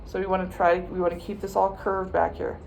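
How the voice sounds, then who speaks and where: A woman's voice: fairly low pitch, level tone, a little fast, vocal fry, darkish tone. Woman, viola teacher, patient step-by-step instruction, rhythm chants, faint background hum. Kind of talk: instructional practice walkthrough.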